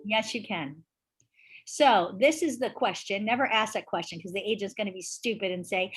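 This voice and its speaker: A woman teaching a class in a brisk, emphatic, chatty way, often asking the group questions. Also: mid-range voice, lively intonation, slightly rough. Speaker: real estate instructor. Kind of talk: casual teaching talk to a class.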